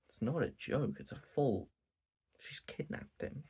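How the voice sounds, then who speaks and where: A man hosting his own channel, giving an animated, profane recap of a manga and acting out quotes as he goes. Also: medium pitch, measured pace, breathy edge. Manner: animated, swears a lot, acts out quotes. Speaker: channel host.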